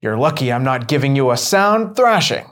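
A man's voice: medium pitch, sing-song, normal speed, fairly bright tone. A man voicing a learned, prudent older priest who questions with courteous severity. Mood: indignant. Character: learned older male priest, stern then indignant.

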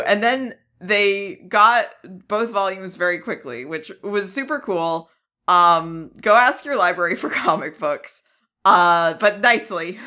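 Casting: woman podcast co-host, unhurried and bright, easygoing with lots of ums. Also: medium pitch, expressive. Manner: laughs often, lots of ums. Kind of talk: casual chat.

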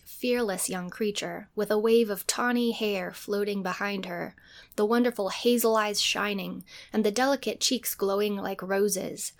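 A woman narrating a novel in a measured, descriptive reading. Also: mid-range voice. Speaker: audiobook narrator. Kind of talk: scripted narration.

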